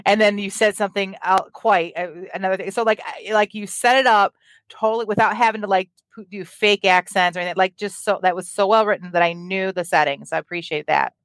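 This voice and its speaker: A woman's voice: medium pitch, steady tone, a little fast, dry recording. A woman hosting a writing stream who chats enthusiastically and reads out viewer comments, with plenty of fillers. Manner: chatty, enthusiastic, many fillers. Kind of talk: casual chat.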